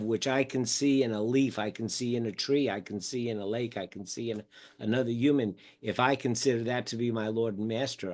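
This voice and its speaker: An older man telling stories in a relaxed interview, acting out quoted conversations as he goes. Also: medium pitch. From United States. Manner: animated storyteller acting out quoted dialogue. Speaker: podcast guest, mindfulness teacher. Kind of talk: casual storytelling interview.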